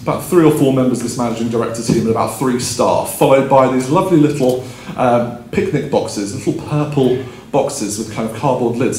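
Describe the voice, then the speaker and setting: A man's voice: mid-range voice, a little mellow, slight background noise. Chatty man in a roomy hall. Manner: chatty, self-deprecating, frequent ums, laughs at own story. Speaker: keynote speaker. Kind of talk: conference keynote storytelling. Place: conference hall stage. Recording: roomy hall, faint background ambience.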